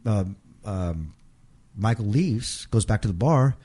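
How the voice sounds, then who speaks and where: A man's voice: on the low side, lively intonation, takes it slowly, mellow. A man telling a long personal story in a casual interview, rambling and restarting and quoting others in his own voice. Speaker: interview guest.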